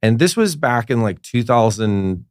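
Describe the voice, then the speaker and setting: A man telling a lively comedy story on a podcast, from Minnesota and speaking at a middling pitch. He acts out the voices of the people in his tale. His voice is dry and close on the mic, with no room sound around it. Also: measured pace, no echo. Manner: animated storyteller acting out quoted voices. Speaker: guest comedian. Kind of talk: casual storytelling in podcast chat.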